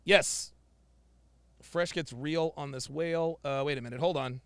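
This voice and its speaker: A man's voice: fairly high pitch, a little slow, vocal fry, no echo. A male podcast host giving sarcastic, mocking commentary on a video clip and mimicking the people in it. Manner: sarcastic, mimics others in quotes.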